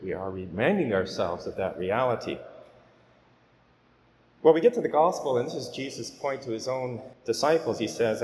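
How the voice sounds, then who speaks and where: A man preaching a homily at Mass as a priest, speaking in an earnest, gently exhorting way. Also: medium pitch, animated, normal speed, slight background noise. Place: church. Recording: echoey church with long reverb.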